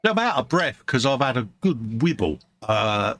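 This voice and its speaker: A man's voice: medium pitch, big pitch swings, normal speed, a bit bright, no room sound. A British man hosting a casual livestream chat at his hobby bench, jokey and full of playful slang, sounding tired. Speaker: livestream host. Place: hobby workbench room.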